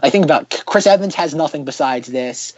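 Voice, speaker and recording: A man hosting a podcast in casual chat, ranting sarcastically in quick bursts. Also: fairly high pitch, animated, darkish tone, slightly rough, dry recording. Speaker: podcast host.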